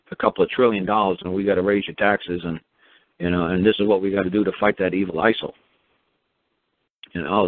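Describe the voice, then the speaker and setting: A man's voice: sits low, no room sound. A man ranting casually and sarcastically, acting out mock exchanges, with many restarts and fillers. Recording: dry tinny phone line.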